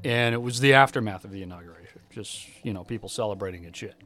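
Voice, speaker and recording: A man co-hosting a podcast, telling stories in a casual, animated, profane way. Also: lowish voice, fast talker, soft background music. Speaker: podcast co-host. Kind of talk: casual chat.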